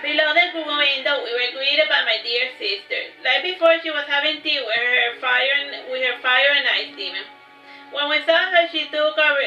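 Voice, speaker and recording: A woman reads her own fantasy story aloud and often restarts her lines. Her voice is high and bright. She sounds far from the microphone in a roomy space, with faint music underneath. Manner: steady reading with frequent restarts. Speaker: author. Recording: roomy, distant, dull recording with faint music.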